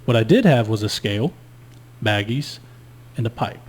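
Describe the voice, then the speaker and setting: A man's voice: lowish voice, animated, normal speed, husky. A man telling a long story in casual podcast chat, laid-back and profane. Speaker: guest storyteller.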